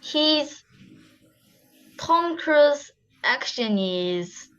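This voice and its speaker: A woman's voice: sits high, expressive, drawn-out words, fairly bright tone. A woman with a Korean accent, a student speaking English as a second language, hesitant and searching for words. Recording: dull lo-fi audio.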